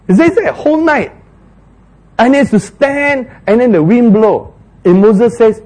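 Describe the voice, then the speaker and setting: A man's voice: high voice, animated, a little slow, mellow. A man preaching a sermon, laughing often and acting out biblical dialogue with sudden jumps in his voice.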